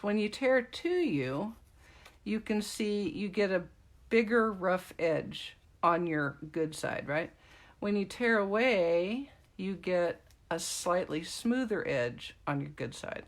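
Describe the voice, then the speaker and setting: A middle-aged woman demonstrating card making in a casual tutorial, chatting and rambling in asides to her viewers. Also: on the low side. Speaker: craft demonstrator.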